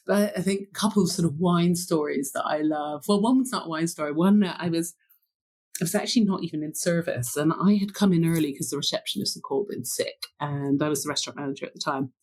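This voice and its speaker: A middle-aged woman, a former sommelier, telling lively anecdotes in an interview, laughing often and acting out the lines she quotes. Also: low-pitched, fast. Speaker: wine buyer and former sommelier. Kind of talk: storytelling interview chat.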